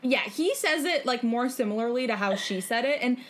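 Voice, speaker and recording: A woman's voice: fairly high pitch, expressive, fairly quick. A young adult woman co-hosting a podcast in casual chat, explaining at length with many "like" fillers and free swearing. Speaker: podcast co-host.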